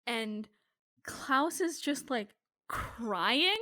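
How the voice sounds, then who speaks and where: A woman's voice: a little high, animated, extremely slow, sharp tone, no echo, clean studio sound. A young woman co-hosting a podcast, chatting casually and profanely about a TV show and laughing often. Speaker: podcast co-host. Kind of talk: casual recap chat.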